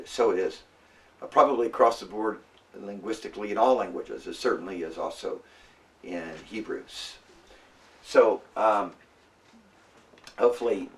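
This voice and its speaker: A man teaching a class in a casual, halting way, with many fillers and restarts. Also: lowish voice, recorded from a distance. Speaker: Bible language teacher. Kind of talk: classroom lecture.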